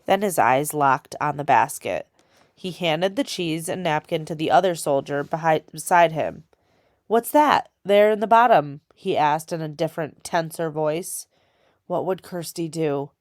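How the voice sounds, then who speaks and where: Low-voiced woman reading a story aloud. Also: a little slow, no room sound, clean studio sound. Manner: steady storytelling read-aloud. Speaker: audiobook reader. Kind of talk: reading a children's novel aloud.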